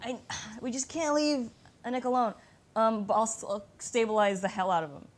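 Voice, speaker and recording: A woman playing a tabletop role-playing game, excitable and expressive as she acts for her character. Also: on the high side, normal speed. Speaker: player. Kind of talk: casual tabletop play.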